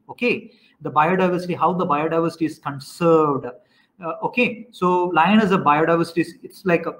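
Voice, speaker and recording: High-voiced man teaching online class. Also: low-quality recording. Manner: questioning students, repeating himself, halting restarts.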